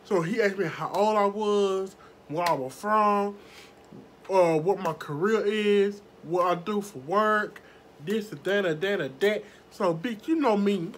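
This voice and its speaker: A woman vlogger telling a story to her viewers in a casual, animated way, swearing freely. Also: mid-range voice, a little hiss or hum. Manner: animated, profane, talks straight to viewers.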